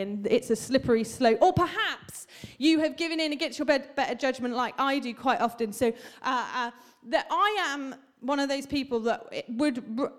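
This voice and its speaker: A woman's voice: sits high, moderate pace, few pauses. A woman in her thirties preaching a sermon to a congregation, chatty and humorous, telling stories and asking the room questions. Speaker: pastor. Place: church hall.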